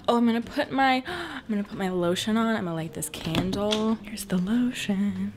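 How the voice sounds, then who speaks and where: A young woman chatting casually to camera at home in a lifestyle vlog, bubbly and excitable. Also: medium pitch, normal speed, music in the background. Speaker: lifestyle vlogger. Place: at home in her room.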